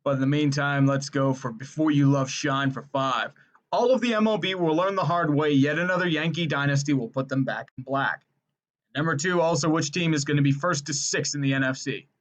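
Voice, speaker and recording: A man's voice: on the high side, brisk. A man co-hosting a podcast in casual chat, laid-back and swearing freely as he jokes. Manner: laid-back, profane joking. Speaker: podcast co-host. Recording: dull lo-fi sound.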